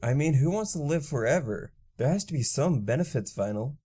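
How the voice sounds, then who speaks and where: A prim young mare with a curious, teasing streak, as a male reader puts her on. Her voice sits a touch higher than the reader's own, mellow and rounded. She speaks in a lively, eager way. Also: a little fast, husky. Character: young female pony, prim upper-class musician.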